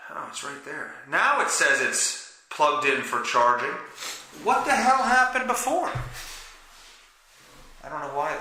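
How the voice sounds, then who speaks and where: A man's voice: a little high, bright, forceful tone, echoey room, a little hiss or hum, rough recording. A man with a stuffy nose hosting a solo podcast, rambling, swearing and mocking himself. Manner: rambling, profane, self-mocking. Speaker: podcast host.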